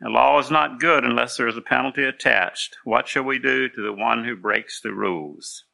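Calm young teacher guy laying down rules, gravelly and sharp, a preacher reading him out. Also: medium pitch, moderate pace, voice pushed up, full character voice. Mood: firm, kindly. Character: young male schoolteacher, calm and firm.

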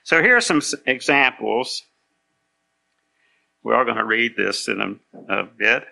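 A man's voice: medium pitch, expressive, measured pace, creaky, sharp tone. A man preaching a sermon in a conversational way, patiently explaining and checking that his listeners follow. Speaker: pastor.

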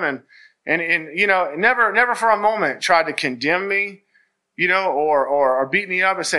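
Earnest man, bright forceful voice. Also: sits high, animated, moderate pace. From Virginia, US. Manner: earnest, rambling storytelling with many restarts. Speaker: church member giving testimony. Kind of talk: personal testimony.

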